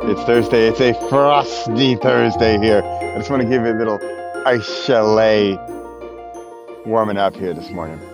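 A man's voice: on the low side, moderate pace, music in the background. A man talking casually to the camera outdoors, chatty and self-mocking, laughing often. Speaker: vlogger. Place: outdoors on a frosty beach with his dog.

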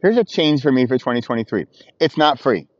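Playful, animated man walking and talking. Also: medium pitch, a little fast, dry recording, muffled recording. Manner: animated, playful, laughs at himself. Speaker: vlogger. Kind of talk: walking vlog, casual monologue. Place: outdoors, walking.

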